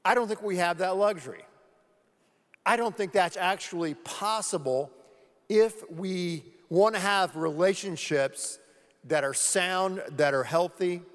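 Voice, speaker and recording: A man preaching a sermon to his church as pastor, earnestly repeating key words for emphasis. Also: sits high. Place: church sanctuary. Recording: long hall reverb.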